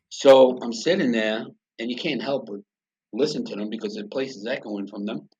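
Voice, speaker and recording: A man's voice: medium pitch, moderate pace, a little mellow, slightly rough. A middle-aged man from the United States, a podcast guest telling a personal story in a blunt, profane, emotional way. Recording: dull lo-fi sound.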